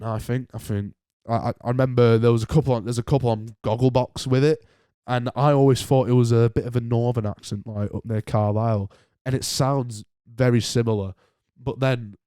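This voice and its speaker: A man's voice: mid-range voice, mellow, no room sound, clean studio sound. A young man hosting a solo podcast, rambling and joking at his own expense. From north of England. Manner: rambling, self-mocking, often laughing. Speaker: podcast host.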